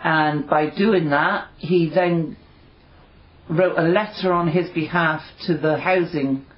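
A man's voice: a little high, steady tone, takes it slowly. A man sharing an earnest, informal devotional talk with his fellowship, rambling with many fillers. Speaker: fellowship member sharing encouragement. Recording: dull lo-fi recording.

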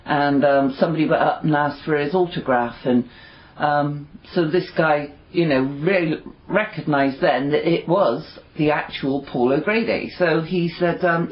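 A man's voice: fairly high pitch, measured pace. A man sharing an earnest, informal devotional talk with his fellowship, rambling with many fillers. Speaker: fellowship member sharing encouragement. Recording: dull lo-fi recording.

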